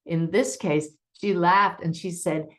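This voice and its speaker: Expressive, lower-voiced woman telling a story. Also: slow. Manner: expressive, re-enacts dialogue while recounting. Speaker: spiritual medium and teacher. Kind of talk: storytelling in a webinar talk.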